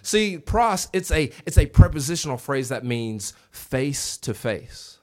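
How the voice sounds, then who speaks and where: A man preaching a revival sermon in a church, animated, acting out quoted voices and calling on the congregation to answer back. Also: mid-range voice, a little slow. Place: church sanctuary.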